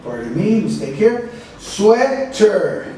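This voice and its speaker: Male teacher drilling plurals at a slow pace, recorded from a distance in a very echoey classroom. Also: high-pitched, animated, darkish tone, a little hiss or hum. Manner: slow, careful, repeats words for drilling. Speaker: English teacher. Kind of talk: classroom pronunciation lesson. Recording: echoey room, mic at a distance.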